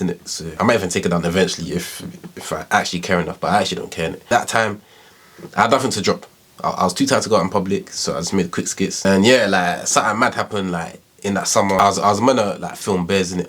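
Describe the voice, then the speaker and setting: Young man, twenties, London accent, low voice, husky, fast talker, casual vlog storytelling. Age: 20s. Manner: slangy, rambling, reflective, frequent tag questions. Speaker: YouTuber.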